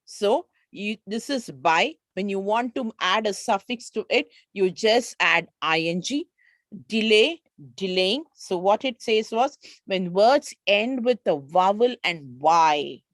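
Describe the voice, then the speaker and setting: A woman's voice: medium pitch, animated, slow pace, dry recording. A woman with an Indian English accent teaching an online grammar lesson, patiently explaining spelling rules and reading out word lists.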